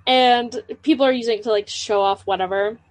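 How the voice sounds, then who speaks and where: A woman's voice: on the high side, fairly even intonation, a little fast, dry recording. A woman co-hosting a podcast in casual chat, with wry, sarcastic quips. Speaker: podcast co-host.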